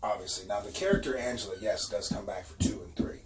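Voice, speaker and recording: A man's voice: lowish voice, fast. A man co-hosting a casual podcast, telling profane stories with frequent laughter. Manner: profane animated storytelling, laughs often. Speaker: podcast co-host. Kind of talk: casual chat. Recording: echoey room from a distance, faint noise.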